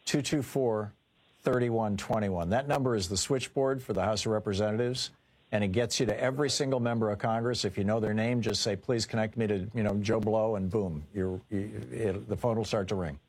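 A man hosting a call-in radio talk show, briskly steering callers along and moving to the next one. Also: lowish voice, fairly even intonation, a little mellow, husky.

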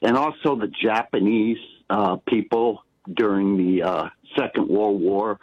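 A man phoning in to a talk show, his voice low and set on a dull, dry line. He speaks haltingly, filling his pauses with ums as he tells his story. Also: dry recording. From Washington State, US. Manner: hesitant, many ums and uhs. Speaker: caller. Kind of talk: calling in to a radio show. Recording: dry, muffled phone line.

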